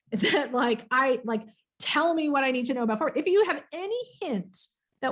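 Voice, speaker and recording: A woman's voice: high voice, a little fast. Candid, swearing woman guest. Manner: candid, swears freely, lots of "like". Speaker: guest, sociology professor. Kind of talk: casual interview talk.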